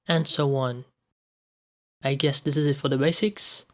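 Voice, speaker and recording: A man's voice: fairly high pitch, measured pace. A man with a Russian accent, a native Russian speaker, teaching pronunciation in a recorded lesson and carefully spelling out each example word. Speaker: language teacher.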